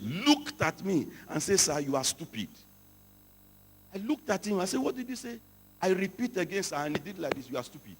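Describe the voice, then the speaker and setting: A man preaching a sermon to pastors, telling stories and rising into shouted emphasis. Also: mid-range voice, husky. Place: large hall. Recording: hall reverb, from a distance.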